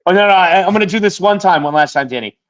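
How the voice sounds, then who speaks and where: A man's voice: high-pitched, expressive, racing, fairly bright tone, lo-fi sound. A man hosting a podcast, joking and teasing his co-hosts in casual banter. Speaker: podcast host.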